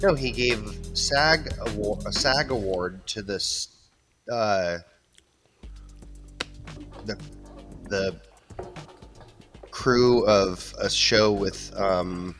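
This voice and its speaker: A man co-hosting a casual talk show, laid-back and halting, swearing as he tells things. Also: lowish voice, a bit bright, faint music behind. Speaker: co-host.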